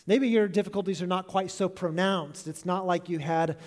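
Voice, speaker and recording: A man's voice: sits high, steady tone, normal speed. Earnest man preaching in an echoing hall. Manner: earnest, reflective, voice dropping soft at phrase ends. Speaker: pastor. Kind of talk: sermon. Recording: long echo of a large hall.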